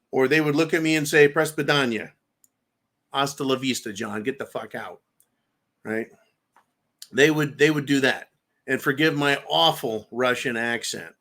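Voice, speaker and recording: A man's voice: mid-range voice, fairly bright tone. A man hosting a livestream and answering viewer comments. He talks in a blunt, rambling way, swears freely, and stacks up long lists. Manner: rambling, with lists and repeated words. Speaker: livestream host. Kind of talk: live chat commentary, reading viewer comments.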